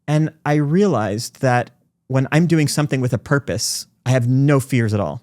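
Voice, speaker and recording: A man in his forties, a podcast guest telling stories in fast, animated conversation. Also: medium pitch, no room sound, clean studio sound. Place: recording studio.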